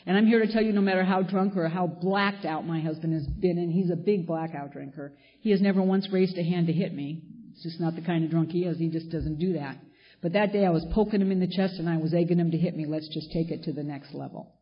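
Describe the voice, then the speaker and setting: A middle-aged woman sharing her own story at a support meeting, blunt and emphatic, hammering points home by repeating them. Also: lowish voice. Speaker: speaker at a recovery meeting. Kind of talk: personal share at a support meeting. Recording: dull lo-fi recording.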